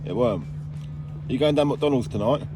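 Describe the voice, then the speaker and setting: On an outdoor work site, a landscaping business owner vlogs in a casual, rambling way, bantering as he goes. His voice is medium-pitched and animated, at a normal speed, with background noise in the clip.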